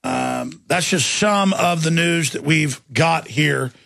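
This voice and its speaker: A man hosting a talk radio show, ranting fast and fervently about the news. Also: a little high, creaky, a bit bright, no echo, clean studio sound, faint music behind. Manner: fervent, mocks opponents in put-on voices.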